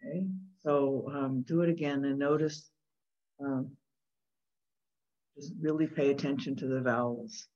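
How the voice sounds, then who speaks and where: Patient instructor, very slow delivery, dull lo-fi sound, chants syllables evenly in a call-and-response pronunciation lesson. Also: mid-range voice, steady tone, darkish tone. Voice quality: patient, explains step by step. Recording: dull lo-fi recording.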